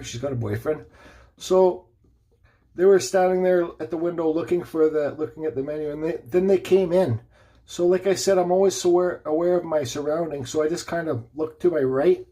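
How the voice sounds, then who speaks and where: A man's voice: a little high, warm tone, husky. A man, a woodcarver, telling a rambling story in a casual vlog, full of restarts and asides.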